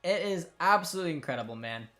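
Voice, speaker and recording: A young man hosting a live football watchalong, reacting with excitement and emotion and talking to his viewers. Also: on the high side, fast, soft background music. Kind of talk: live match watchalong commentary.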